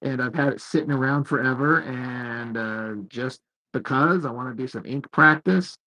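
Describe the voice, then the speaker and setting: A man co-hosting a casual chat while inking, reading out viewer comments with relaxed, joking banter. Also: medium pitch, normal speed, dull audio. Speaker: co-host, artist reading chat.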